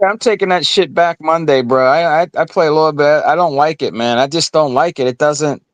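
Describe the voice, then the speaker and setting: A man's voice: on the high side, a little fast, dry recording. A man in a casual gaming chat who talks in a blunt, dismissive, slangy way.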